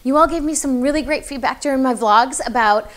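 A woman's voice: high voice, a little fast, a bit bright. A young woman coaching public speaking in a chatty, encouraging way, with lots of fillers. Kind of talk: casual advice video to camera.

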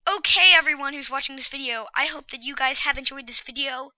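A woman giving excitable, anxious gameplay commentary, often dropping to a whisper. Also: high voice, a little fast, dry recording, highs cut off. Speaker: let's play host.

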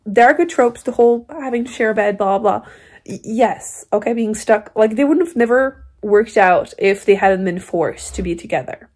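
Her voice sits at medium pitch with a darkish tone, and she talks at a normal speed. The young woman is casually vlogging at home, bluntly tearing into a book and using baby talk to coo at her kittens.

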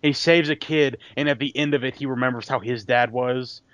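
A man's voice: mid-range voice, fairly even intonation, a bit bright, dry recording. A young man, a guest on a podcast, casually recalling a comic story and hunting for his words as he goes. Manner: halting, searching for words. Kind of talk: casual chat. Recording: dry, dull lo-fi sound.

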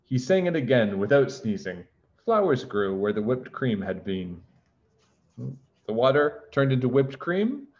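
A man reads a children's book aloud, gently stopping to explain words for young listeners. He speaks slowly with a lively, rising and falling voice. The recording sounds muffled and lo-fi. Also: medium pitch. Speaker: teacher reading a storybook aloud.

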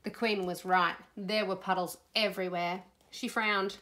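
A woman reading a children's storybook aloud in an expressive, playful way. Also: mid-range voice, a little slow. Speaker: storybook reader.

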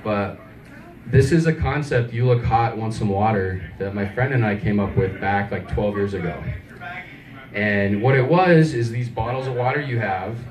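Low-voiced male comic, rambling and self-deprecating, heard from a distance in an echoey club. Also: moderate pace. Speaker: stand-up comedian. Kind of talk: open mic stand-up set. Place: small comedy club stage. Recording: echoey club, mic far off.

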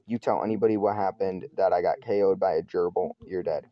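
A man's voice: deep voice, fairly even intonation, a little fast, dull audio, lightly acted. A man reading the lines of an angry, blunt teenage bully who threatens a classmate. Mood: menacing.

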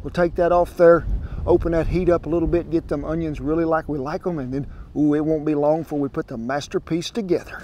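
Southern American man, homespun cooking host, slightly high voice, outdoor smoker, wireless lapel mic, faint background noise. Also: fairly even intonation, fast, darkish tone. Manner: homespun, chatty, talks straight to the folks watching. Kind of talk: folksy cooking demonstration. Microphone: wireless clip-on mic.

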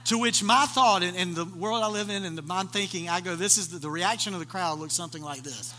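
A man preaching a sermon, retelling a story with animated voices for the people in it. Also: sits high, brisk, in a large hall, a little hiss or hum. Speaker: pastor.

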